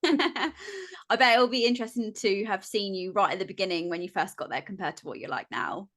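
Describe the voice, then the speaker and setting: A woman's voice: medium pitch, animated, brisk, a bit bright. A young woman hosting a casual interview, asking questions in a friendly, hesitant way. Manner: friendly, hesitant with fillers and restarts. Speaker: podcast host.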